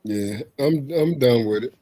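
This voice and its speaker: A man co-hosting a livestream, giving slow, emphatic comments in a casual chat. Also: mid-range voice, creaky, darkish tone, slightly rough.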